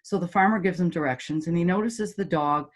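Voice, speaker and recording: Blunt, lively middle-aged woman storyteller. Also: on the low side, a little fast. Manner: blunt, lively storyteller who acts out quoted voices. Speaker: golf teaching pro and motivational speaker. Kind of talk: storytelling in a podcast interview.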